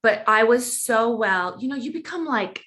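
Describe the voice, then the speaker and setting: A woman guest on a podcast, telling a personal story in conversation and acting out the quoted dialogue with big jumps in pitch. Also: expressive, moderate pace, fairly bright tone.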